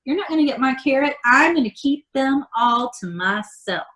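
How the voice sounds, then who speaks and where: A woman's voice: high voice, expressive, a bit bright, slight background noise, pitched above the performer's own voice. A woman voicing a rude male ferret in a picture book, teasing as he refuses to share his carrots. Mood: taunting. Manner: taunting, quick.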